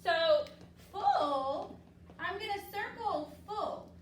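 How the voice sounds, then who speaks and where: A woman teacher leading a classroom phonics lesson, upbeat and patient, drawing words out slowly for the children. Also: very high-pitched, expressive, a little hiss or hum. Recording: echoey classroom from far off.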